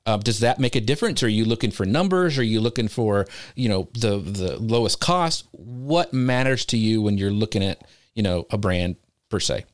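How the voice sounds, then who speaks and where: A man's voice: lowish voice, expressive, moderate pace, no room sound, clean studio sound. Man asking rambling questions. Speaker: co-host. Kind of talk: casual interview questions.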